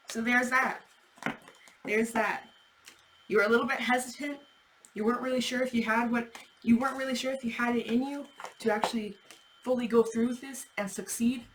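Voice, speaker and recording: A woman's voice: on the high side, steady tone, a little fast, a little hiss or hum, rough recording. A woman giving a casual tarot reading, chatty and thinking aloud, with the odd swear word. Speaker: tarot reader.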